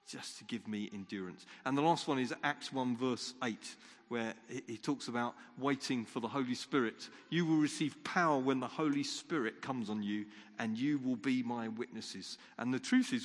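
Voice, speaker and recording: A man's voice: medium pitch, normal speed. Guy preaching in church, earnest, keeps restarting his words, big echoey hall. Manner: earnest, repeats words when starting sentences. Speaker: pastor. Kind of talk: sermon. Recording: long church hall reverb.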